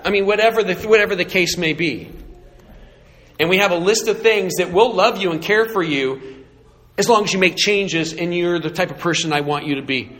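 Bright-voiced man preaching in an echoey hall. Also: high-pitched, animated, a little fast. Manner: conversational and emphatic, with humor. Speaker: pastor. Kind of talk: sermon. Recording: echoey hall with faint ambience.

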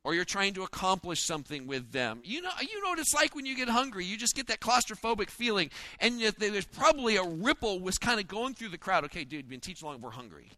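A man preaching a sermon in a folksy, joking way, acting out the disciples' lines in quick asides. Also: high voice, big pitch swings, sharp tone, no room sound. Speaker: pastor.

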